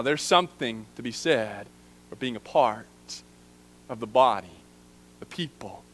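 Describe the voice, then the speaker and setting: Earnest man preaching a sermon. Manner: earnest, drops to soft low emphasis on key phrases. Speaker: preaching minister. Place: church sanctuary.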